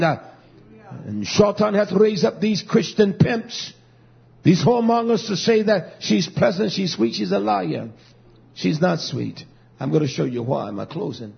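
A man preaching a fiery sermon, swinging between loud declarations and low, muttered asides. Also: animated, unhurried, creaky, husky. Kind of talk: fiery street-style sermon. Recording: dull lo-fi recording.

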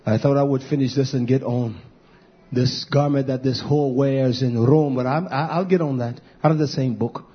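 A man preaching a fiery sermon on a live stream, chanting drawn-out cries and swinging between shouts and low murmurs. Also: steady tone, breathy edge, muffled recording.

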